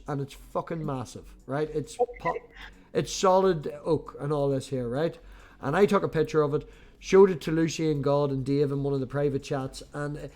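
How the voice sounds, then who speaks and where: A man's voice: on the high side, a little mellow. A man hosting a casual video-call chat, joking, swearing and telling stories with animation. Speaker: podcast host.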